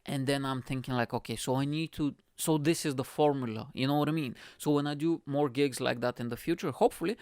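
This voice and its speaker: A young man with an Eastern European accent, hosting a podcast and telling a story in a casual, animated way, swearing freely and acting out what people said. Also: medium pitch, brisk, hardly any pauses, clear, resonant tone, no echo, studio quality. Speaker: podcast host.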